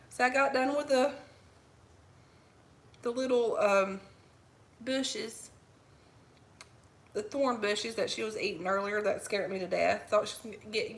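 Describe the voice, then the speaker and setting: A woman chatting casually on a livestream, cooing baby talk to her puppy in a soft, drowsy way. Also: mid-range voice, gravelly. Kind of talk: casual live chat.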